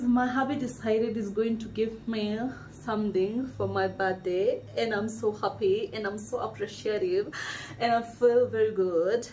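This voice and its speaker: A woman's voice: mid-range voice, slight background noise. A young woman with a Kenyan accent, gushing and laughing as she chats casually in a home vlog. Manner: excited, gushing, laughs often. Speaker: vlogger. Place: home sitting room.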